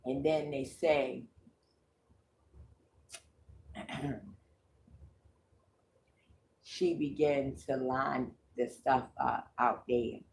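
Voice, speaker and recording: Woman on a live stream telling a story, cussing a lot, drags every word out slow. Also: extremely low pitch, fairly even intonation, vocal fry, darkish tone, a little hiss or hum. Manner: slow, drawling, profane, repeats herself. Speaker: livestream host. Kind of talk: livestream storytelling.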